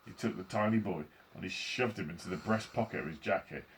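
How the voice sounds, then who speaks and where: A male teacher reading a storybook aloud to a class in an expressive, animated way. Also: low-pitched, a little fast, a little hiss or hum.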